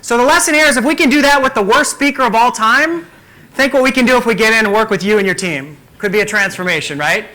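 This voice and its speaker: High, bright-voiced male keynote coach. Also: quick pace, poor audio. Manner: energetic, emphatic presenter. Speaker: communication coach. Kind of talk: conference keynote.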